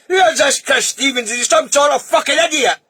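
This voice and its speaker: A man's voice: very high-pitched, fairly quick, pushed and bright, dry recording. A middle-aged Scottish man ranting in a sweary, blunt and heated political monologue. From Scotland. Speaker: political video commentator.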